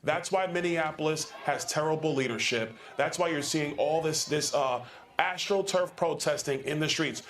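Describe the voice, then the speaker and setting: A man's voice: fairly high pitch, moderate pace, a bit bright, roomy sound. A man being interviewed on a TV news program, speaking in a combative, emphatic way. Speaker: politician interviewed on TV.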